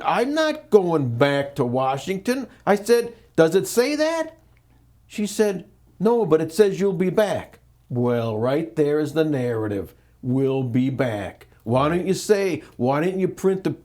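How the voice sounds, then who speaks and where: Animated man, higher voice. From northeastern Pennsylvania. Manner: animated, repeats words, acts out quotes. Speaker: interview guest. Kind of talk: candid interview storytelling.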